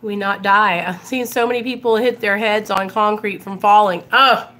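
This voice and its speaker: A woman in her twenties speaks to camera from home, sharing candid, loose stories with frequent laughter and lots of "like." Her mid-range voice holds a steady tone at normal speed, pushed and bright, and the occasional cough slips in.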